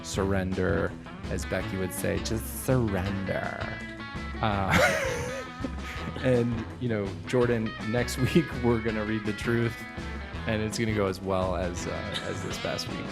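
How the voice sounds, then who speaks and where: A man co-hosting a podcast, chatting in a relaxed, casual way and swearing freely. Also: on the low side, moderate pace, creaky, over loud music. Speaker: podcast co-host.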